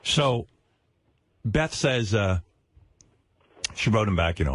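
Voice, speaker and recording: Brash, husky-voiced male radio host. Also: sits low, sing-song, dry recording. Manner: teasing, brash, quick jokes. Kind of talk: studio radio banter.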